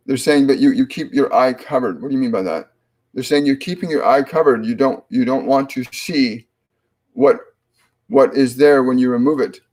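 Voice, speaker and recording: A man hosting a live psychic reading, calmly relaying spirit messages in a halting way full of restarts and fillers. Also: mid-range voice. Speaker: psychic medium host.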